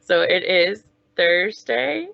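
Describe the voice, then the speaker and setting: Slow sing-song preschool teacher woman. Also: on the low side, lively intonation, gravelly, highs cut off. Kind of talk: online circle time for young children.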